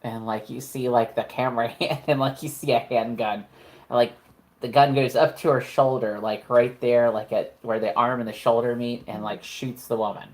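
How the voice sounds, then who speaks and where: A woman's voice: extremely low pitch, steady tone, moderate pace, a little mellow. A woman narrating a tabletop horror game as game master, casual and profane, with lots of "like" fillers.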